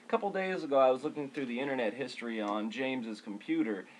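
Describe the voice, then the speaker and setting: A young man co-hosting a casual, profane chat show, rambling with halting restarts. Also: mid-range voice, low-quality recording. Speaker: co-host.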